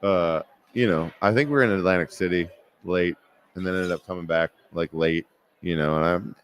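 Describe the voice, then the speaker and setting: A man's voice: deep voice, moderate pace, clean tone. A man co-hosting a sports talk show, telling laid-back locker-room stories and laughing as he goes. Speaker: podcast co-host, former football player. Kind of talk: casual storytelling chat.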